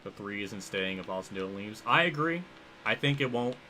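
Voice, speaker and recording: A man's voice: lowish voice, expressive, brisk, background noise. Rambling young man streaming a racing game. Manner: rambling, thinks aloud, reacts loudly to the race. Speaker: livestreamer playing a racing game. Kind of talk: live gameplay commentary.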